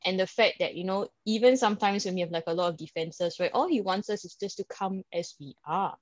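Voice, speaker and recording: A woman's voice: mid-range voice, brisk, dry recording. A woman with a Singaporean English accent, co-hosting a podcast in casual, chatty talk full of "like" and "right?". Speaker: podcast co-host. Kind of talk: casual chat. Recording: dry, slightly dull sound.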